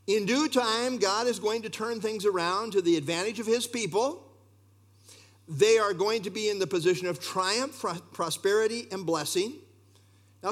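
A man preaching a sermon, expressive and talking straight to his congregation with asides. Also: high voice. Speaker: pastor.

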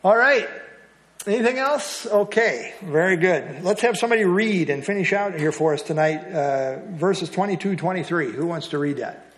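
A man's voice: high-pitched, animated, moderate pace. A man leading a Bible study, explaining a passage earnestly and repeating key phrases for emphasis.

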